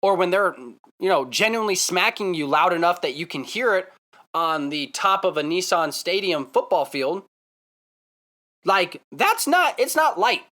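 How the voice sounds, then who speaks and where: An excitable man tells a story straight to the camera, his pitch leaping up and down as he talks. His voice is bright and forceful, and he keeps coming back to the same point with emphatic repeats. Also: measured pace. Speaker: vlogger.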